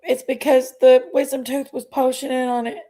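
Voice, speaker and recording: A middle-aged woman, chatting on her livestream in a halting, emotional way, sighing between phrases. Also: high voice, level tone, warm tone. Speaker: livestream host. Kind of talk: casual livestream chat.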